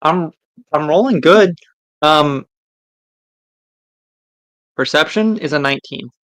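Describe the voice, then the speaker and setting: A man playing a tabletop game, eager and halting with frequent ums. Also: a little high, a bit bright, dry recording. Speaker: player. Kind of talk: casual tabletop play.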